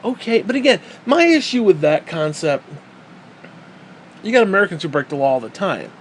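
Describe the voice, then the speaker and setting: A man delivers a profane, sarcastic rant with a fairly high voice for a man, swinging between heated outbursts and muttered asides. A faint hum of air conditioning sits under his voice. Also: very animated, normal speed. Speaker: vlogger. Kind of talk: profane ranting commentary.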